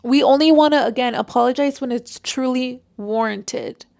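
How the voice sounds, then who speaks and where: A woman's voice: high voice, normal speed, vocal fry, darkish tone, no echo, clean studio sound. A woman chatting casually as she gives relationship advice, full of "like" fillers. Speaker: vlogger giving relationship advice.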